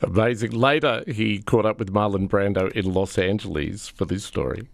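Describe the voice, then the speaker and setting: A man's voice: lowish voice, normal speed, vocal fry, dry recording. A male interviewer who reacts to his guest and laughs along with the story. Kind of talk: casual interview.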